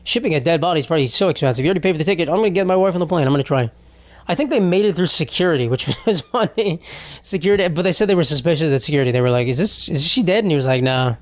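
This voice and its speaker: A young man from New hosts a solo podcast in a slightly high voice. He rambles and rants sarcastically, swears freely and laughs often. The recording is dry and close. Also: lively intonation, racing, no echo. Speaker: podcast host. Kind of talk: casual solo podcast rant.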